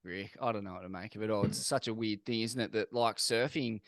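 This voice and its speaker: Laid-back Australian podcast host. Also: male voice, on the low side, fairly quick, fairly bright tone, no room sound, studio quality. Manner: laid-back, reflective, swears casually. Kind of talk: casual interview chat.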